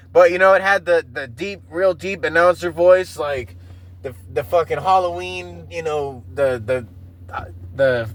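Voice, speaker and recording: A man's voice: a little high, a bit bright, low-quality recording. A man in his mid-thirties hosting a casual solo podcast, rambling and swearing freely, often laughing at himself. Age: 30s. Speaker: podcast host.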